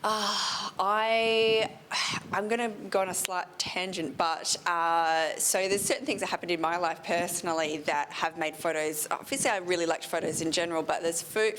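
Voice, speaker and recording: A woman's voice: on the low side, a bit bright, slight background noise. A woman who is a wedding photographer, talking candidly on a panel into a handheld mic, heartfelt and self-deprecating. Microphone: handheld microphone.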